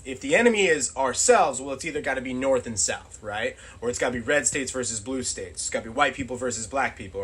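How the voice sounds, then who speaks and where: A man's voice: mid-range voice, fairly bright tone, a little hiss or hum, rough recording. A middle-aged man hosting his own channel, talking casually in a loose, rambling monologue full of fillers. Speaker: channel host.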